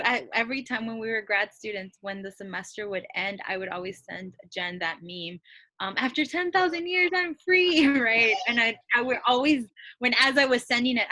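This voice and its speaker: A woman co-hosting a podcast, chatting casually and lively, often checking in with "right?". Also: mid-range voice. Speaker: podcast co-host. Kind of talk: casual chat.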